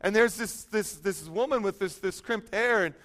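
A middle-aged man preaching with a notably high voice. He tells a self-deprecating story at a loose, chatty pace, full of fillers and asides. The effect is warmly comic. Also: normal speed. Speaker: pastor. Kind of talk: storytelling sermon.

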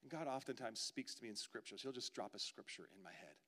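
A man delivers a sermon from the pulpit in a bright, forceful voice. He moves from loud pleading to hushed, confessional near-whispers. The sound rings out with the long reverb of a church hall. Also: mid-range voice, lively intonation, fast talker. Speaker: pastor. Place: church sanctuary.

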